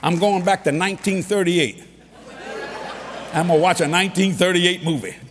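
A man preaching a sermon, telling stories with humor and bursts of shouting. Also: high-pitched, moderate pace, big-room sound, slight background noise. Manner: animated storytelling with humor and sudden shouts.

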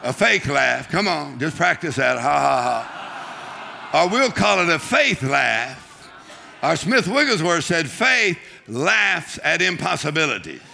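A man preaching a humorous sermon, joking and urging the congregation on with shouts and laughter. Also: fairly high pitch, very animated, measured pace, gravelly, slight background noise.

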